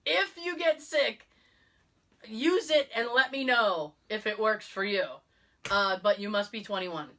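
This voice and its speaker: A woman's voice: mid-range voice, unhurried, slight background noise. A middle-aged woman co-hosting a podcast, telling stories in a casual chat, acting out the people she quotes, with a cough from a lingering illness. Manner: animated, acts out quoted voices. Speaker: podcast co-host.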